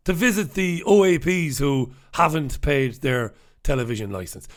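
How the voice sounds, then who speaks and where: Brash, sarcastic host. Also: male voice, a little high, moderate pace, few pauses. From Ireland. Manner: brash, sarcastic, swears freely. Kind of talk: live newspaper review with chat shout-outs.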